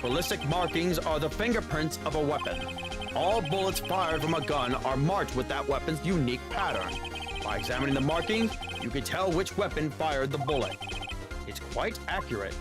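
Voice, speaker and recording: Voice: mid-range voice, lively intonation, moderate pace, lightly acted. A streamer reading a determined young defense attorney. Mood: pressing. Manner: pressing, accusatory, building a case. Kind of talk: game dialogue read aloud. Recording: loud game music behind.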